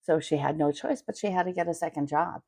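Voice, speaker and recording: A woman's voice: deep voice, fast, creaky, dark tone, slightly rough, no echo, clean studio sound. A middle-aged woman coaching on money in a casual livestream, blunt and chatty with casual swearing.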